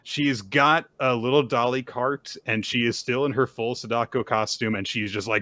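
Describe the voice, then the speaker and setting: A man co-hosting a casual recap chat, retelling scenes with lively quoted voices. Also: normal speed, few pauses, no room sound. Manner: animated retelling, jumps high when quoting characters. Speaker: podcast co-host.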